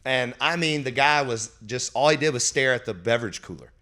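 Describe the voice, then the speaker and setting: A man's voice: medium pitch, lively intonation, brisk, sharp tone. A man, a company founder, telling his story casually in an interview, rambling with lots of fillers. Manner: rambling, full of "like" and "you know" fillers.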